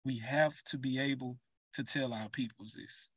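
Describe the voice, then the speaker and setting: A man's voice: medium pitch, steady tone, normal speed, husky, no room sound, recorded from a distance. A man preaching an urgent, emphatic sermon, speaking straight to his listeners.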